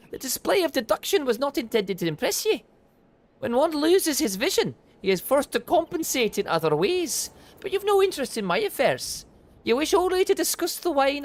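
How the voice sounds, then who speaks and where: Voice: high voice, pitched above the performer's own voice. Streamer putting on a wee scottish blind wine guy, old mercenary, voice bobs up and down a lot, bit of music under it. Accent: Scottish (put on). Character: small blind retired mercenary wine merchant, male. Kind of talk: reading game dialogue aloud.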